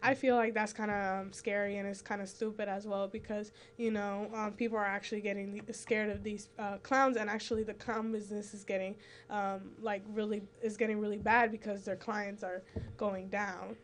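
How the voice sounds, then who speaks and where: A woman's voice: mid-range voice, level tone, normal speed. Young woman co-host, rambling earnest chat. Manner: rambling, filler-heavy, earnest. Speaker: youth show co-host. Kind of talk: casual talk-show chat.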